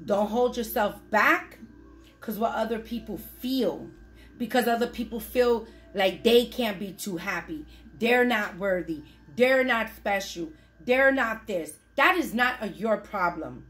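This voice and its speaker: High-voiced woman giving a spiritual pep talk. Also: a little slow. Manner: emphatic, repetitive, bursts into shouts. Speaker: spiritual reader channeling messages. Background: music playing.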